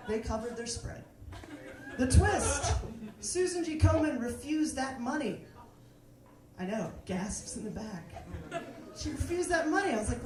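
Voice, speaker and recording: A woman performing stand-up with a fairly high voice and a sardonic, deadpan-leaning delivery. She sounds set back from the mic in an echoey club, with noticeable noise around her. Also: normal speed, crowd noise. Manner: sardonic, dropping to mock-quiet asides. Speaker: stand-up comedian. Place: comedy club stage, live audience. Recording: echoey room from far off, noisy.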